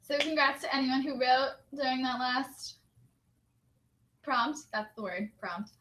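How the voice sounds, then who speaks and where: A woman's voice: high voice, normal speed, a bit bright. A young woman co-hosting a writing session, cheerfully reading out participants' quotes in casual chat. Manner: cheerful, reads quotes aloud. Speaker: write-in co-host.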